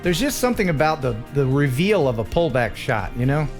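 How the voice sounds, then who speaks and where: A man hosting a casual livestream chat, animated and quick to chuckle while he tells stories. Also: a little high. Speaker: livestream host. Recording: faint music behind.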